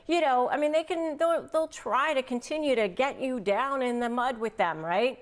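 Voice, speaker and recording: A woman's voice: fairly high pitch, moderate pace. A woman hosting an advice video, speaking straight to the viewer and acting out sample replies in quotes. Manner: animated, acts out sample lines in quotes. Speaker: family law attorney and video host. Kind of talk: direct-to-camera advice talk.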